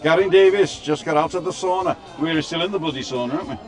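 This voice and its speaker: A British man hosts a casual outdoor livestream on a street, reading out viewer comments and greeting people by name with wry asides. His voice is fairly high and darkish in tone, and he talks at a quick pace. Busy crowd noise fills the recording.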